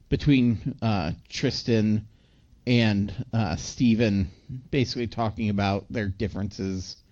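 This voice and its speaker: A man's voice: mid-range voice, darkish tone, lo-fi sound. A man co-hosting a podcast, recapping a movie in casual chat, rambling with lots of filler words. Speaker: podcast co-host.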